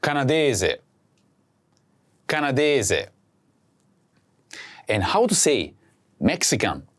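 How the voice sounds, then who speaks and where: A man hosting a language lesson, speaking slowly and clearly and saying each word twice for practice. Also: mid-range voice, big pitch swings, fairly bright tone. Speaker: language teacher host. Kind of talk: slow scripted lesson with repeat-after-me drills.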